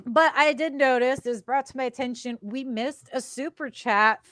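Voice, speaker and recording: A woman guest on a casual podcast, telling lively stories, acting out what people said and laughing often. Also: high-pitched, normal speed, no room sound, clean studio sound. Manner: animated storyteller who acts out quotes and laughs often. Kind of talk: casual chat, storytelling.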